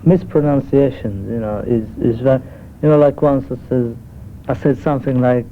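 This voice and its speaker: Man from Kenya, mid pitch, chatty anecdote style; thin phone-like 1970s broadcast. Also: moderate pace, a little hiss or hum. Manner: chatty, lots of "you know". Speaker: interviewee. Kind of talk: casual anecdote.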